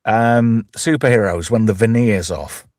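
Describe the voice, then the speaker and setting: A man's voice: lowish voice, a little slow, darkish tone, no room sound, clean studio sound. A man with an East Midlands accent hosting a live show, talking in a blunt, jokey, swearing and rambling way. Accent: East Midlands English. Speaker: host. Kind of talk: casual live chat show banter.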